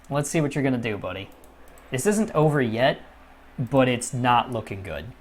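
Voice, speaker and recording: Man, let's-play commentator, slow deliberate talk, casual cursing, frustrated outbursts. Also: medium pitch. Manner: casual, swears freely, swings from muttering to frustrated outbursts. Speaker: gaming channel host.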